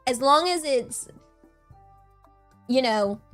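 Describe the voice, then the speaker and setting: A woman's voice: sits high, extremely slow, faint music behind. A young woman streaming and chatting casually, rambling and giggly, often repeating herself. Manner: giggly, rambling, repeats words, easily excited. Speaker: vtuber streamer.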